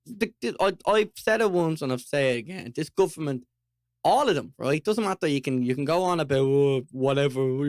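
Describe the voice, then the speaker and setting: An Irish man co-hosting a podcast, talking in an animated, ranting way while chewing toffee. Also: a little high, no room sound, clean studio sound. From Ireland. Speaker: podcast co-host. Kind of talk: casual chat.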